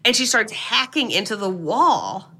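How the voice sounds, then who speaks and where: A woman co-hosting a podcast, recapping a horror movie in animated, sarcastic casual chat with some swearing. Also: a little high, measured pace. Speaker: podcast co-host.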